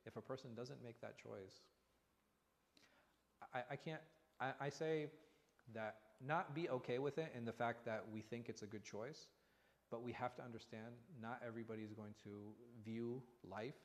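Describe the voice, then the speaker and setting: A man leads a conversational religious lesson as an imam, often tossing rhetorical questions at his listeners. His voice sits in a middle register. It carries a long reverb, recorded in a mosque hall. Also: mid-range voice. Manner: animated, asks rhetorical questions. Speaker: imam teaching a class.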